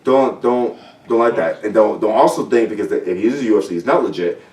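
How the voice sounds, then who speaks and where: Man, guest fighter, quick blunt profane talk, distant mic, echoey room. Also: fairly low pitch. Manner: blunt, profane, animated storytelling. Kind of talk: casual podcast chat. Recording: roomy sound from a distant mic.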